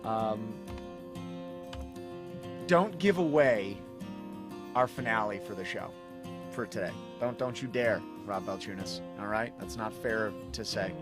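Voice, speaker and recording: A man's voice: on the low side, unhurried, pauses often, over music. A man hosting a casual live stream from home, rambling and chuckling as he chats with viewers. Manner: rambling, self-interrupting, chuckling asides. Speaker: livestream host and magician.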